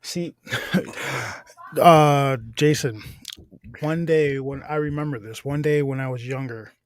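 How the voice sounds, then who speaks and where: A man in a relaxed chat show tells stories in a rambling way, restarting his sentences as he goes. His voice sits at an ordinary pitch. The recording is dry and close. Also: unhurried, dry recording. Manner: rambling storyteller, self-corrects, casual swearing. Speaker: podcast co-host. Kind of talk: casual chat.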